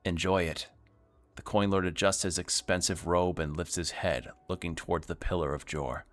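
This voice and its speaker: Low-voiced man reading a narrative game. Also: moderate pace, soft background music. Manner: wry asides between read lines. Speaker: streamer.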